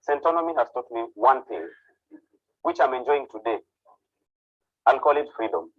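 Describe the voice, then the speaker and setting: Husky-voiced Kenyan man, casual and dry. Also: mid-range voice, expressive, normal speed, dry recording, narrow, tinny audio. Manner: casual, mixing in Swahili phrases, with filler uhs. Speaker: hairstylist sharing his story. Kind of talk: personal testimony speech.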